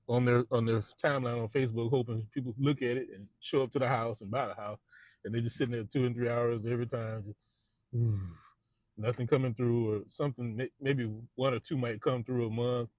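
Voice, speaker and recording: A man's voice: medium pitch, steady tone, normal speed, darkish tone, dry recording. A man, a real estate agent, rambling casually in a vlog monologue from inside a parked car, repeating words as he goes.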